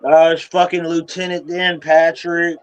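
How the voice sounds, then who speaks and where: Man guest, exasperated rant, cursing, slightly high voice. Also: monotone, a little slow, clear, resonant tone, lo-fi sound. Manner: exasperated ranting, swearing. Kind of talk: casual chat.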